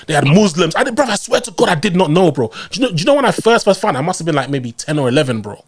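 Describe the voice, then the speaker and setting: A man in his late thirties from Ghana, hosting a casual podcast chat, animated and calling his guest "bro" in nearly every line. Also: a little high, racing, slightly rough. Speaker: podcast host.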